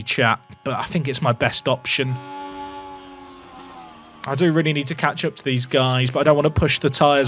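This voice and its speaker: A young man commentating live on a racing management game for his chat, swinging between nervous muttering and excited shouts. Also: on the high side. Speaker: gaming YouTuber.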